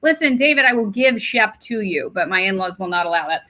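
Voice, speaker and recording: A woman's voice: mid-range voice, brisk, noisy background. A woman co-hosting a casual livestream, upbeat and keeping the show moving. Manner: upbeat, lively responses, runs the show's timing. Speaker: co-host.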